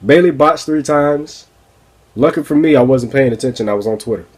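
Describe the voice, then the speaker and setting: A man's voice: mid-range voice, fairly quick, breathy edge. A man hosting a wrestling review podcast, ranting casually and profanely with frequent laughs. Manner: profane, exasperated, laughs often.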